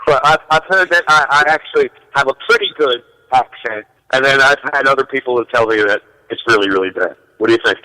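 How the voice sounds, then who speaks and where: Musician guest, male, bright tone, chatty and laughing, stumbles over words. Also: mid-range voice, fast, few pauses, long reverb tail, poor audio. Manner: jokey, laughing, restarts a lot. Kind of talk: casual radio chat.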